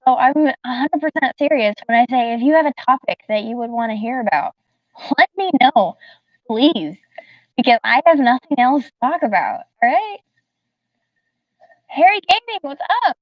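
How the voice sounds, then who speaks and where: Talking straight to her live-stream chat, this Southern U.S. woman keeps things casual and giggles often. Her high-pitched voice has lively intonation and moves at a normal speed. The mic sounds distant, dull, and dry, without echo.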